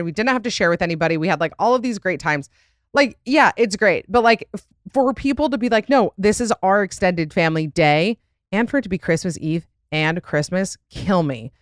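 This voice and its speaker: With a medium-pitched voice captured in clean studio sound with no room sound, a young adult podcast host rambles through casual conversation. Her speech is full of fillers, frequent "like"s and laughter.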